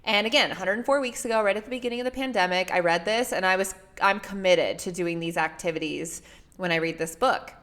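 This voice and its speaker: A woman's voice: mid-range voice, quick pace. A woman talking casually and earnestly to her listeners, coaching them with questions. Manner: earnest and emotional, warm toward her father. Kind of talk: casual solo talk to listeners.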